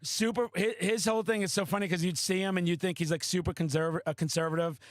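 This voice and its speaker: A man hosting a podcast, a loud, excitable storyteller who swears often in casual chat. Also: high-pitched, quick pace, no room sound. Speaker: podcast host.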